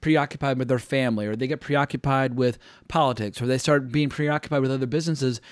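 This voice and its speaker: An American man hosts a relaxed film podcast at a middle pitch. His voice is close and dry with no room sound, and he talks in an animated, laughing way. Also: quick pace, no echo. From United States. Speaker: podcast host. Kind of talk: casual film discussion.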